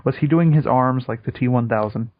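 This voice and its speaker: A young man co-hosting a podcast, teasing the others and cutting in quickly. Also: mid-range voice. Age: young adult. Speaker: podcast co-host. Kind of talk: casual chat. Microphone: home mic on a voice call. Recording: dry, muffled call audio.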